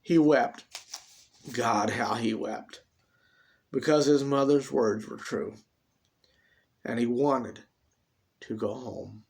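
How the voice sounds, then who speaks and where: A man reading his own dramatic story aloud, expressive and swinging between loud and hushed delivery. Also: mid-range voice, takes it slowly, gravelly, pauses often.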